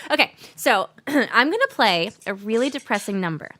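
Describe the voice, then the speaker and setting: A woman singer-songwriter chatting between songs on a livestream, chatty and quick to laugh. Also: fairly high pitch, animated, pushed and bright. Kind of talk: casual chat between songs.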